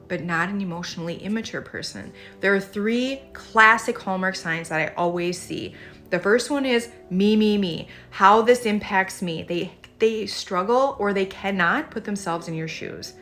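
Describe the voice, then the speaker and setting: A woman hosting a podcast, retelling a listener's story with emphatic, animated commentary. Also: mid-range voice, normal speed. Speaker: podcast host.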